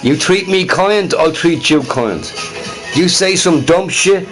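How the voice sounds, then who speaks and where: A man's voice: on the high side, takes it slowly, fairly bright tone, faint music behind. A man hosting a casual livestream, talking heatedly to his chat and repeating his points. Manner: talks to chat viewers directly; heated, scornful. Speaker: livestream host.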